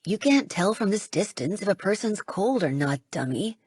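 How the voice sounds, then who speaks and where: A woman voicing a defensive, frightened twelve-year-old boy in an audiobook, muttering in a low huff. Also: very animated, normal speed, darkish tone, husky, no echo, clean studio sound. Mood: tense.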